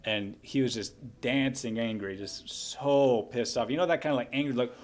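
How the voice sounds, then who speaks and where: A man's voice: medium pitch, moderate pace. A young man casually telling a long story on a livestream, rambling with frequent restarts and asides. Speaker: livestream host.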